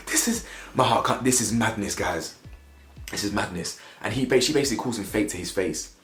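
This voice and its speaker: A man's voice: on the low side, fairly quick. Ranting man in echoey room. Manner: animated, blunt, ranting with slang. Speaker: reality TV commentator. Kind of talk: opinionated reaction commentary.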